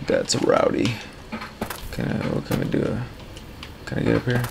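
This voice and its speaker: A man's voice: mid-range voice, animated, normal speed, creaky, long pauses, a little mellow, slight background noise. A man giving casual, rambling commentary while playing a game. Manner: rambling, loose and chatty. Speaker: gaming streamer.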